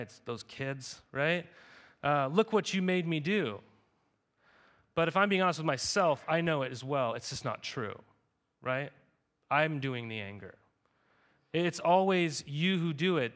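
A male pastor delivering a sermon in a relaxed, conversational manner. His voice sits a little higher than most men's. He keeps drawing the congregation in with quick rhetorical questions. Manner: conversational, repeats "right?" to the congregation.

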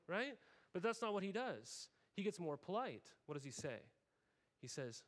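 A man in his thirties with a voice pitched above the usual delivers a casual, talky sermon. He keeps checking in with the congregation through "right?" and slips into little voices for the people he quotes. He is from Oregon and preaches as a pastor. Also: expressive, normal speed. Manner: conversational, frequent "right?" tags, acts out quoted voices.

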